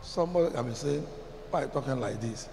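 Gravelly Nigerian preacher in a big hall. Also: male voice, mid-range voice, animated, background noise. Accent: Nigerian English. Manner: emphatic preaching, drawn-out chanted phrases, questions to the congregation. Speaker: pastor. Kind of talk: sermon. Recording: long reverb in a large hall, faint ambience.

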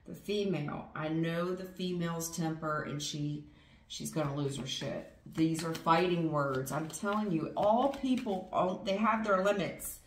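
A woman giving a casual tarot reading in a blunt, profane, animated way, acting out people's feelings as she goes. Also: sits low, unhurried, echoey room. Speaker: tarot reader.

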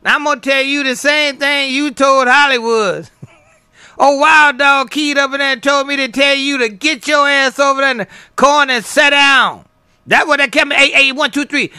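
A man's voice: extremely high pitch, bright, forceful tone, no room sound, clean studio sound. A man chatting on CB radio, trading playful banter full of call signs and sign-offs. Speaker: CB radio operator.

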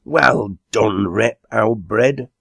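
A man putting on a rowdy old tavern regular, his voice pushed up high and loud over a slow, gravelly base. He rallies his mates with hearty energy, all in broad speech, close and dry in the ear. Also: no echo, full character voice. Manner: boisterous, raises his pitch and voice. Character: excitable loud old Lancashire drinking man.

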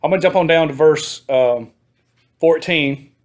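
A man's voice: a little high, a little slow. A man teaching a Sunday school class, reading scripture and retelling it in a chatty way, laughing often and asking the class questions. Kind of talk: casual Bible teaching.

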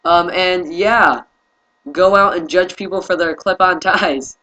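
A man's voice: high voice, fairly even intonation, unhurried, sharp tone, rough recording. A young man giving a casual how-to tutorial, tired and hesitant, often apologizing and filling gaps with "um". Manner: hesitant, apologetic, many fillers. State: tired, yawning. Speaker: video host.

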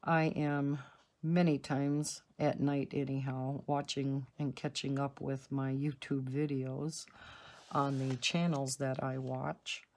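A woman's voice: rumbling low, little pitch movement, slow pace, a little mellow. A woman hosting a coloring channel, chatting casually and rambling through asides while she colors at home. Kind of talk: casual color-along chat. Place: home, indoors.

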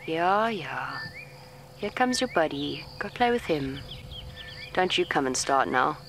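A safari guide sits in a vehicle out in the bush, speaking in a low, slow, calm voice as she gently coaxes an elephant and gives live commentary to viewers. Faint insects and bush noise sit in the background.

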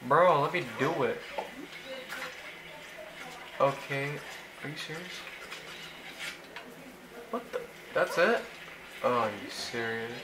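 Slow-talking young man narrating gameplay. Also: medium pitch, noisy background. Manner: excitable, exclaims often, easily frustrated. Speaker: gaming YouTuber. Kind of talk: casual gameplay commentary.

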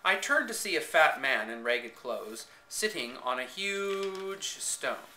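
A man's voice: on the high side, sing-song, takes it slowly, bright, forceful tone, a little hiss or hum. A man reading a story aloud in the first person with dramatic expression, recorded on a home camcorder in an echoey room. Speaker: reader.

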